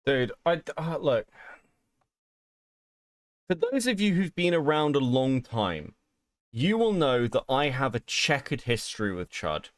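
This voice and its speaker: A man's voice: medium pitch, dry recording. A man hosting a podcast, ranting in a sweary, incredulous way about online drama. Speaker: podcast host. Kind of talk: casual drama commentary.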